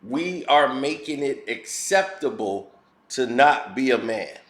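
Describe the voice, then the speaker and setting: A man's voice: medium pitch, lively intonation, slow. A man giving a blunt, heated and preachy opinion rant as a commentary vlogger. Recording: roomy echo.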